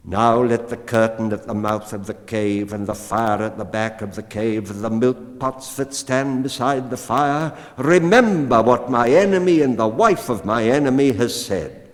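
A man voicing a sly, independent female cat in a storybook, speaking in a measured, coaxing way. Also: mid-range voice, pitched above the performer's own voice, lightly acted. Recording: long hall reverb.

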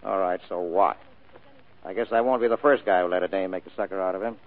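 An actor playing a hard-boiled private detective in a vintage radio drama, terse and dryly wisecracking. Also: male voice, deep voice, steady tone, fast. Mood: dry, wry. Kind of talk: 1940s radio acting. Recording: tinny old radio broadcast recording.

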